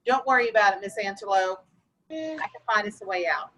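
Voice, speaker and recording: Calm steady spider guy read out by a woman, slow and reassuring, bright clear voice. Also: medium pitch, a little hiss or hum, voice pushed down, rough recording. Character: calm confident male spider guide.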